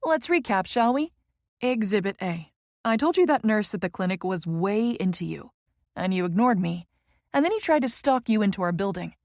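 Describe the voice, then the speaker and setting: A woman's voice: mid-range voice, lively intonation, normal speed, dry recording, studio quality, lightly acted. Woman voicing brassy teasing best friend Tess. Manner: brassy, playful, loud teasing.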